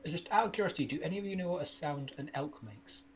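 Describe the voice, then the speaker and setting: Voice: mid-range voice, quick pace. A player in a tabletop game with a wry, teasing manner.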